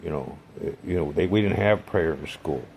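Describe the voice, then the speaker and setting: Gravelly low-voiced man rambling. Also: normal speed, darkish tone, slight background noise. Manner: rambling, digressive, sardonic humor. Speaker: vlogger. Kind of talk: casual storytelling monologue.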